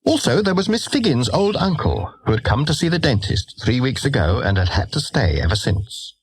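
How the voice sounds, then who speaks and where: A man reading a children's storybook aloud in an expressive, lively way. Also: mid-range voice, moderate pace, a little hiss or hum. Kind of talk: storybook narration.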